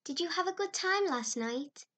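Woman narrator doing a kindly middle-aged mother; gentle, weary warmth. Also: very high voice, lively intonation, moderate pace, pitched above the performer's own voice.

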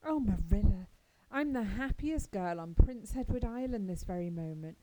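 A woman reading aloud as a chatty, dreamy orphan girl who gushes with wide-eyed excitement. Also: mid-range voice, normal speed, natural voice, low-quality recording. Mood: gushing. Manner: breathless, gushing and wide-eyed. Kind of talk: audiobook character reading.

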